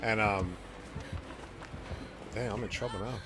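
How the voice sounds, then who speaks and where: A man's voice: fairly low pitch, steady tone, unhurried. A man streaming a horror game, chatting, joking and laughing often as he plays. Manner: laughs often, playful trash talk. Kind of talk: live gaming commentary and storytelling. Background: game music.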